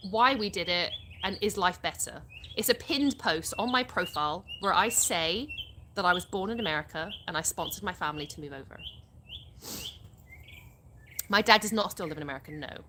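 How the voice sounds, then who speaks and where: A woman's voice: mid-range voice, background noise. A woman, hosting a live stream outdoors, reading viewers' comments aloud and answering them chattily. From England. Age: 30s. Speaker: livestream host.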